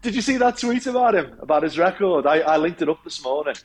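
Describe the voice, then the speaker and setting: A man's voice: fairly high pitch, expressive, quick pace. A man co-hosting a casual podcast, full of jokey, mocking banter. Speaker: podcast co-host.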